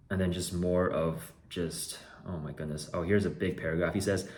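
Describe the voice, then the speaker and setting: A man's voice: low-pitched, fairly even intonation, brisk. A man who runs an online card shop, telling a story in a casual vlog with exasperated, sarcastic asides.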